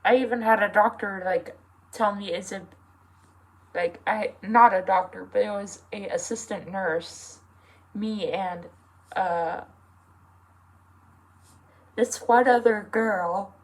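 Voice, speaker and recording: A young woman vlogger with a mid-range voice opens up in a personal vlog, speaking slowly and haltingly with many fillers. She is earnest and emotional, at times close to tears. The recording is rough.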